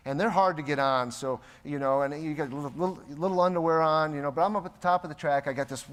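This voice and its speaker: A man's voice: a little high, fast. A man from the United States giving a motivational keynote, telling anecdotes and acting out the people in them. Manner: animated anecdotes, acting out quoted voices. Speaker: keynote speaker. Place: large conference hall. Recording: long reverb of a conference hall.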